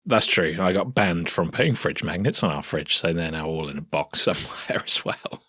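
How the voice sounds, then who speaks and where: A man with a very deep voice chats casually and laughs lightly through his stories. The recording is dry and close. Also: animated, moderate pace, sharp tone, husky, no echo. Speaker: podcast host. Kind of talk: casual chat.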